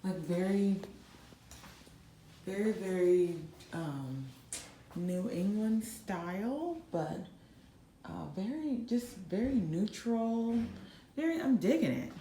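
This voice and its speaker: A woman's voice: mid-range voice, animated, slow, pauses often, mellow, a little hiss or hum. A young woman giving a chatty, slangy hotel room tour in casual vlog style, with many fillers. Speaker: vlogger.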